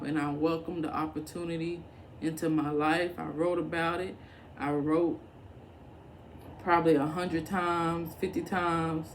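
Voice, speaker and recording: A woman's voice: low voice, a little hiss or hum. A young woman vlogger giving casual, encouraging advice straight to the camera, chatty and full of fillers. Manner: conversational, encouraging, colloquial with fillers.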